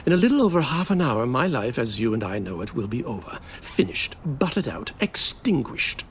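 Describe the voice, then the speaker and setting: An actor playing a flamboyant, bitter groom on his wedding day, melodramatic and sardonic, swinging between slow drawls and sudden outbursts. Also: mid-range voice, sing-song, a little hiss or hum, lightly acted. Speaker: actor in a stage play. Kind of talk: theatrical stage acting.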